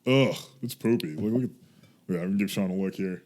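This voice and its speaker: A man co-hosting a casual comics podcast, reacting bluntly with quick remarks and groans. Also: deep voice, a little mellow. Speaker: podcast co-host. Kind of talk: casual chat.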